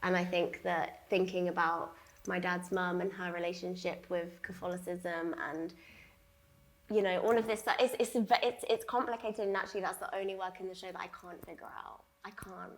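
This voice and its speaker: A woman's voice: fairly low pitch, steady tone, moderate pace. A young woman speaking as an artist in a public gallery conversation, chatty, with many fillers and frequent laughs. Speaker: artist discussing her exhibition. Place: gallery talk before an audience.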